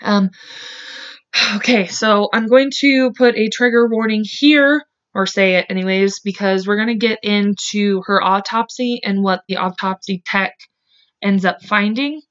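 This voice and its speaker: A woman hosts a true crime podcast, recounting the case in a casual, blunt, openly emotional way and filling her speech with "like" and "um." Her voice is medium in pitch and a little slow, and the lo-fi recording sounds slightly dull.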